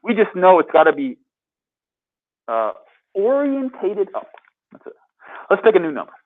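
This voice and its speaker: A man's voice: high voice, wildly swooping pitch, normal speed. Upbeat man teaching math on a tinny recording. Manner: upbeat, quizzing students. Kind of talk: classroom lecture. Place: classroom. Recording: tinny phone-like lecture capture.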